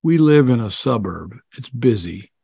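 A man answering interview questions in a relaxed, chatty way. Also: medium pitch, unhurried, vocal fry, husky, no room sound. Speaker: guest author.

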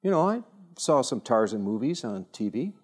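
A man giving an informal talk at a church evening, telling stories with self-deprecating humor and frequent halting restarts. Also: medium pitch, sing-song, a little mellow, slightly rough. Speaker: speaker at a church teaching evening.

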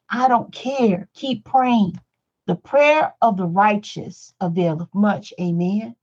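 Pleading woman preacher, fairly high voice. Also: dull audio. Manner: pleading, repeats lines for emphasis. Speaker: Bible study teacher. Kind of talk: preaching sermon.

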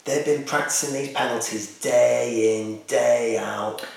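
A man's voice: mid-range voice, fairly even intonation, measured pace, gravelly. A man chatting casually as a podcast co-host, with wry, teasing humour. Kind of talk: casual chat. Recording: echoey room, distant mic.

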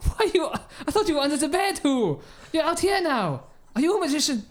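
A man playing a bumbling male detective with a mock French accent, excitable and giggly, on a noisy recording. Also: sits high, normal speed. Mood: excited.

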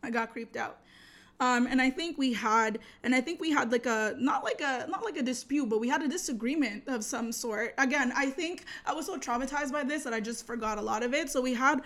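Young woman, slightly high voice, casual slangy storytelling, acts out quotes. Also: fairly quick, fairly bright tone.

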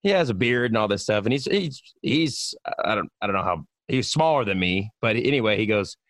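A man's voice: fairly low pitch, animated, a little fast, a bit bright, no room sound, clean studio sound. A man telling a rambling story in casual chat, full of fillers and swearing. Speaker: radio personality.

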